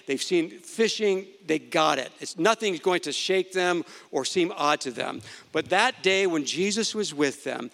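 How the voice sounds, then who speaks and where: A man delivers a storytelling sermon, his tone bright and forceful. He acts out the quoted lines with large swings in his voice. A long hall echo trails behind every phrase. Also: on the high side, vocal fry. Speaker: preacher.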